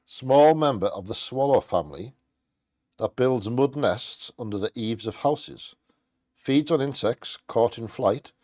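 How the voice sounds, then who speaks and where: A man co-hosting a live bingo stream, chatting casually and reading out bird facts with quick jokey asides. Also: medium pitch, mellow. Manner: jokey, quick asides between read passages.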